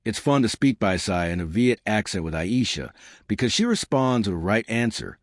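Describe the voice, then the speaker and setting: A man's voice: lowish voice, very animated, normal speed, no echo, studio quality. A man hosting his channel, speaking in a disjointed monologue that jumps between tips and numbered lists. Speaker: channel host.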